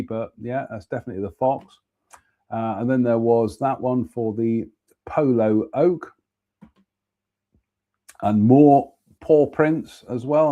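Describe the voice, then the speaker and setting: A man's voice: mid-range voice, mellow, highs cut off. A man, chatting casually as host about a walk and a beer, then reading out a ghost story. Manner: chatty, exclamatory, reads labels aloud.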